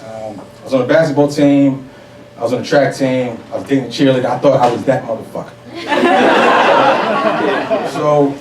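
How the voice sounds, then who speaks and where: A man's voice: medium pitch, moderate pace, long pauses, noisy background. Profane young man telling a stage story. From New York City. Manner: profane, animated, laughing audience reactions. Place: stage before a live audience. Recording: roomy hall, mic at a distance. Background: audience laughter.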